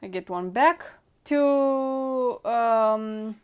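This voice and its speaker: A woman's voice: on the high side, drawn-out words, a little mellow, clear, resonant tone, dull audio. Hesitant woman taking her turn. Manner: brief, hesitant, with fillers. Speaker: co-player. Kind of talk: casual board game playthrough.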